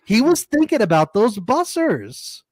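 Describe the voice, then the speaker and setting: A man's voice: extremely high pitch, huge pitch swings, unhurried, no echo. Dry-voiced young man teasing on a podcast. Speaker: podcast co-host. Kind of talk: casual recap chat.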